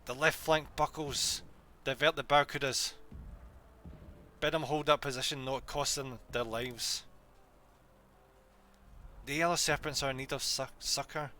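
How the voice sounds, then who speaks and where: Stern lady admiral barking fleet orders , some guy reading her lines, bright tone. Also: medium pitch, steady tone, measured pace, pauses often, slight background noise. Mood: commanding. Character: stern female pirate admiral commanding a fleet.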